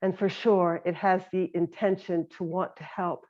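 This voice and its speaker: A woman meditation teacher giving a gentle, reflective talk on compassionate listening. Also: fairly low pitch, little pitch movement, moderate pace. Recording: slightly dull lo-fi sound.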